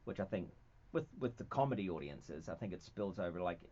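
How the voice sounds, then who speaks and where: A man's voice: low-pitched, very animated, a little fast, dark tone, slight background noise. A man with a New Zealand accent chatting casually as a guest, laid-back and self-mocking, often trailing off mid-thought. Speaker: guest comedian and actor. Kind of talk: casual chat. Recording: dull lo-fi radio studio sound.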